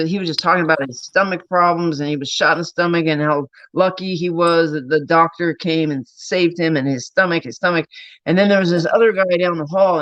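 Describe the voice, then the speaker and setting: A chatty man rambles through stories on his livestream, peppering them with casual swearing. His voice sits a little high for a man. The sound is dull and lo-fi, with a close, dry feel and no room echo. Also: a bit bright. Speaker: streamer.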